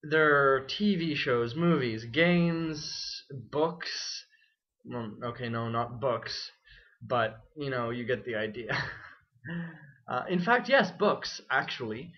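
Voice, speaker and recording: A man's voice: mid-range voice, slow. A young man and student, talking in a wry, self-deprecating and rambling way in a casual vlog. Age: young adult. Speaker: student vlogger. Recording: dull lo-fi webcam audio.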